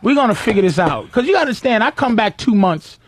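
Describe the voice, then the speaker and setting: A man's voice: sits high, big pitch swings, quick pace, dry recording. A man hosting a radio talk show, rambling through a profane, laugh-filled story in a casual studio chat.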